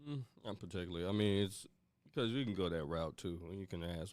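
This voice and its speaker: A man in a casual podcast chat who talks bluntly and offhandedly, tossing in mock quotes. His voice is lowish and smooth, and the sound is dry and close. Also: brisk, a little mellow, no room sound. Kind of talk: casual discussion.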